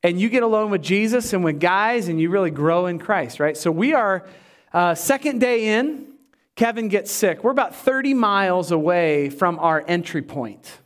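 High-voiced man preaching a sermon. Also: expressive, normal speed. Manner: conversational, self-deprecating storytelling. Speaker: pastor.

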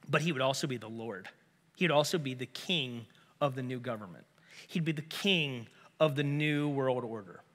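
Man, pastor, sermon, bright forceful tone, slightly higher voice, throaty, long hall reverb. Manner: earnest, emphatic preaching with rhetorical asides. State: throaty, clearing his throat. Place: church sanctuary.

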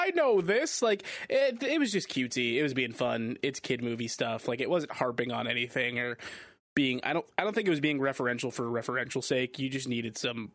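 A man's voice: medium pitch, gravelly, a bit bright, no echo. A man co-hosting a movie podcast, giving his opinions in a rambling, hedging way. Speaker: podcast co-host. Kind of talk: casual movie discussion.

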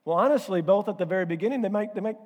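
A male pastor preaches in a loose, conversational way, slipping into stories and poking fun at himself. His voice sits a touch high for a man. A long reverb from the church hall trails every phrase. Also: rapid-fire, muffled recording. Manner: conversational, storytelling, self-deprecating. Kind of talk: sermon.

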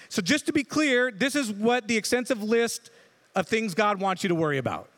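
A pastor with a notably high voice gives a relaxed, conversational sermon, often tagging his points with a quick "right?". His voice rings out with a long reverb tail, as if heard across a large hall. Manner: casual, checks in with frequent "right?".

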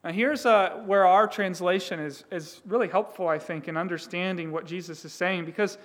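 A man's voice: high-pitched, fairly even intonation, normal speed. A man preaching a sermon as pastor, with emphatic delivery, voicing the words of figures in the text.

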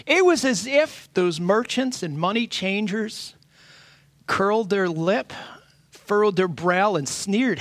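A pastor's voice, a middle-aged man with a notably high pitch, preaching in an earnest, halting way that keeps circling back to restart his sentences. The sound is dry and close, with no room around it. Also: lively intonation, no echo. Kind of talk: sermon.

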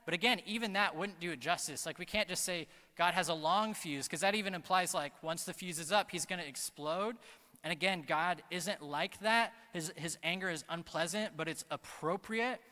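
A man preaching a sermon as pastor, earnest and emphatic, slowing down to stress key phrases. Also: high-pitched, bright, forceful tone. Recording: long reverb of a large hall.

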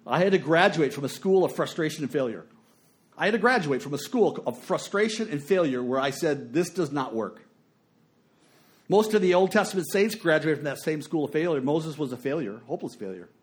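Man preaching, middle-aged, fairly high voice, hushed then emphatic storytelling. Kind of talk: sermon.

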